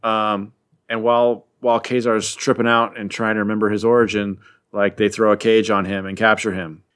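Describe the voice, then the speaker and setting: A man's voice: lowish voice, flat delivery, moderate pace, fairly bright tone, clear, resonant tone. A man casually recapping a comic story as a podcast host, in a rambling, jokey way with frequent filler words. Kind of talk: casual chat.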